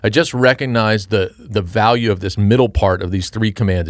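A middle-aged man with a halting, earnest way of talking, sharing thoughts on a Bible chapter in a casual discussion. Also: lowish voice, fairly even intonation, no echo, studio quality. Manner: earnest, halting, with many restarts and fillers. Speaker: podcast co-host and Christian father.

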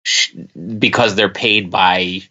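A man co-hosting a podcast, giving casual opinions in a relaxed chat with many restarts. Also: deep voice, slow pace, highs cut off. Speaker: podcast co-host.

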